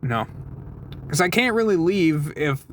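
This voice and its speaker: A man's voice: a little high, very animated, unhurried, fairly bright tone, a little hiss or hum. Rambling young man vlogging in a car. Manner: rambling, self-deprecating, lots of fillers and swearing. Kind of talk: casual personal vlog. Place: parked car. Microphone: phone.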